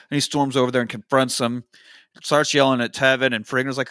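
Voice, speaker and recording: A man co-hosting a podcast, recapping a movie with lively quoted lines, swearing and laughs. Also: mid-range voice, a little fast, no echo, clean studio sound. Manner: animated retelling, quoting characters, swearing, laughing. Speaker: podcast co-host. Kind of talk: casual movie recap chat.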